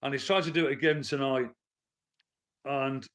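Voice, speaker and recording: A man's voice: mid-range voice, steady tone, normal speed, a bit bright. A man, ranting bluntly and with swearing to his live-stream chat from his living room. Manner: blunt, profane, heated. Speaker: livestreamer and commentator.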